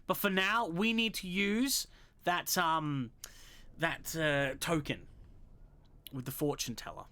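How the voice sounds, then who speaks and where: Chatty high-voiced man. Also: takes it slowly, bright, forceful tone. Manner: chatty, thinks aloud, jokey asides. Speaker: game walkthrough host. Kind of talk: casual gameplay commentary.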